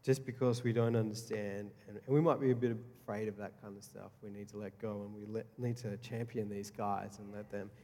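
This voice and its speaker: Earnest pastor in a reverberant hall. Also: male voice, lowish voice, flat delivery, a little fast, few pauses, warm tone. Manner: earnest, repeats key phrases, frequent restarts. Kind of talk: sermon. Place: church hall. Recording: long reverb of a church hall.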